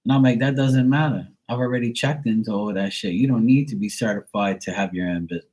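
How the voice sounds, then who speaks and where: A man's voice: fairly low pitch, fast talker, a little mellow. A middle-aged man giving a tarot reading on a live stream, talking in a blunt, rambling way with many fillers. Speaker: tarot reader and livestream host. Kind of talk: casual live-stream chat.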